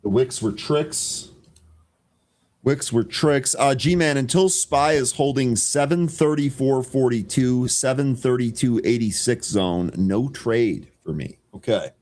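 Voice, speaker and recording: A man co-hosting a live trading show, calling stock moves and timestamps in a brisk, dry way with the odd sarcastic aside. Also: mid-range voice, a little mellow. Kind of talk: live market commentary.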